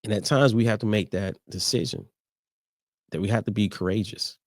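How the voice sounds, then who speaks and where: A middle-aged man with a very low voice talks through a personal, reflective leadership message, often stopping and restarting his phrases. The sound is close and dry, with no room echo. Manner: halting, personal, with many restarts and fillers. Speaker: podcast host. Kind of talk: reflective faith-based leadership talk.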